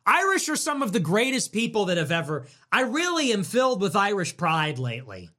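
Animated, high-voiced male streamer. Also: brisk. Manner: animated, sarcastic, provocative, jokey. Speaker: livestream host reading donations. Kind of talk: casual livestream commentary.

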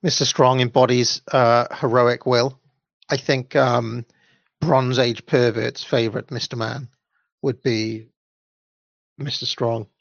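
A man's voice: medium pitch, little pitch movement, slow, gravelly, pauses often, no echo. A man chatting casually as co-host, reading out the live chat and making wry, rambling asides. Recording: dry lo-fi sound.

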